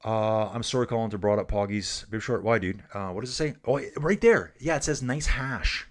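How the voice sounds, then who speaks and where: Man, lowish voice, livestream race commentator; loose, jokey, chats with viewers. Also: expressive, fairly quick, a little mellow. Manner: chatty, jokey, reads viewer comments aloud. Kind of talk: casual live commentary reading chat.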